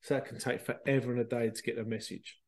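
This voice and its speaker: A man, a spiritual medium hosting a show, telling stories in a chatty, animated way with laughter and the odd swear. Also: medium pitch, quick pace. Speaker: spiritual medium and podcast host. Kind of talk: casual storytelling.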